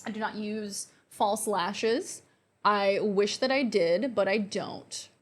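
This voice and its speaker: A young woman chatting through a makeup tutorial, excitable and gushing, joking with the camera and gasping in delight. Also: mid-range voice, slow. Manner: excitable and gushing, with frequent gasps and squeals; playful, self-mocking banter to the camera. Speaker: beauty vlogger. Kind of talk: chatty get-ready-with-me makeup vlog.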